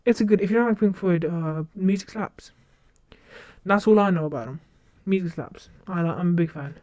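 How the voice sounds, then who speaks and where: A young woman chats casually to her stream, her voice soft and mellow. She rambles and keeps breaking off to restart her sentences. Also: lowish voice, normal speed, dull audio. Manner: rambling, self-interrupting with many restarts. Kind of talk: casual livestream chat.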